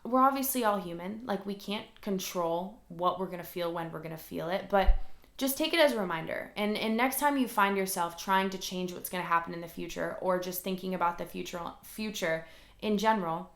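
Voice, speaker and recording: A woman's voice: on the low side, a little fast, vocal fry, a bit bright, echoey room. A woman hosting a solo motivational podcast from her room at home, talking earnestly and rambling, with lots of "like" fillers. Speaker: podcast host. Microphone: recorded alongside a camera.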